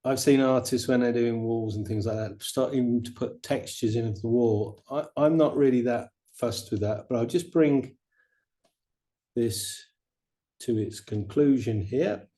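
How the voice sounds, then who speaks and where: A middle-aged man teaching watercolor painting, chatting in a relaxed way and explaining each step as he paints. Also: medium pitch, unhurried. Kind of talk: painting demonstration.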